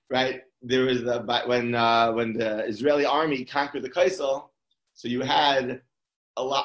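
A man's voice: mid-range voice, reverberant, low-quality recording. A man giving an informal Torah talk in a conversational way, often restarting his sentences. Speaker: Torah speaker.

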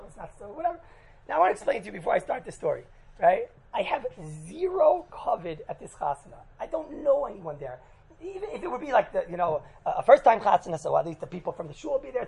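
A man's voice: high voice, creaky, a little mellow, low-quality recording. An American man, a rabbi, telling a funny story to his congregation in a chatty way, often checking in with "right?" and laughing at his own jokes. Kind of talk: humorous storytelling talk to a congregation.

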